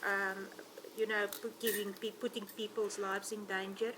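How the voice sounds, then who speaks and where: A woman, a safari ranger, telling animated stories with frequent ums. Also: mid-range voice, normal speed, noisy background. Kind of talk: telling anecdotes in an interview.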